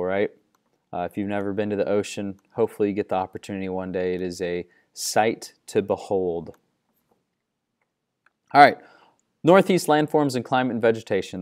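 Young male teacher, low and smooth, relaxed upbeat classroom delivery. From Midwestern United States. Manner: friendly, upbeat, loose and conversational with many fillers. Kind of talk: classroom lecture.

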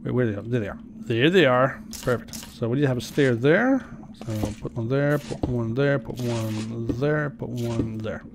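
A man's voice: medium pitch, moderate pace, noisy background. Chatty man narrating his gameplay. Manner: chatty, talks to game characters. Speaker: let's play host. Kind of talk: casual gameplay commentary.

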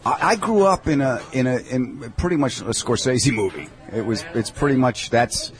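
A man from Long Island, a comedian guest telling profane, jokey stories in casual chat. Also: medium pitch. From Long Island, New York. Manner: animated, profane, quick jokes. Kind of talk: casual chat, comic storytelling.

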